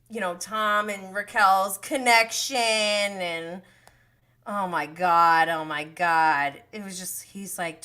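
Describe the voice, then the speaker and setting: A woman hosting a casual reality TV recap livestream, animated and gushing, laughing often and swearing casually. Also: medium pitch.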